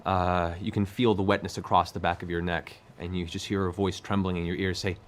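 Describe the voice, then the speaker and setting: A man as game master narrating a tabletop role-playing game, describing scenes in a measured way with hesitant fillers. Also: deep voice, little pitch movement, slight background noise.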